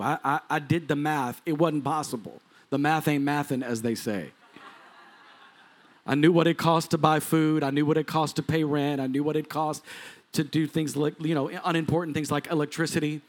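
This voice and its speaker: A man in his forties preaches from the pulpit with a fairly high voice. He tells stories in an animated way, acting out the people he quotes and laughing as he goes. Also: normal speed. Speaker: pastor. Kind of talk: sermon storytelling.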